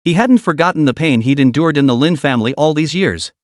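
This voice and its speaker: A man's voice: a little high, lively intonation, brisk, no echo, clean studio sound. A man narrating a comic recap as a dramatic story.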